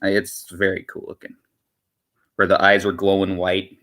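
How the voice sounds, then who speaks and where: A man's voice: low voice, monotone, moderate pace, a bit bright. A man chatting casually on his livestream, rambling and repeating himself with lots of filler words. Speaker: streamer.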